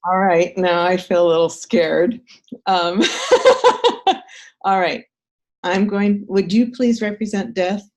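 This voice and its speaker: Slow, low-voiced woman sharing tenderly on a call. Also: fairly even intonation, a little mellow. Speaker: workshop participant. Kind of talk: slow, heartfelt sharing in a training exercise. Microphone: video call.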